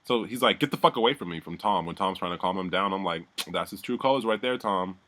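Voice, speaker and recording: A man's voice: low-pitched, fast talker, a bit bright. A man giving a heated, profane recap of a reality show, talking animatedly and mimicking the people he describes. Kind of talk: heated casual recap rant.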